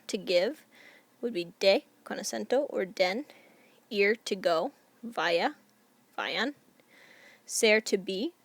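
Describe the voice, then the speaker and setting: A woman's voice: medium pitch, vocal fry, dry recording. A woman teacher explaining grammar rules in a patient, step-by-step recorded lesson. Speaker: Spanish teacher.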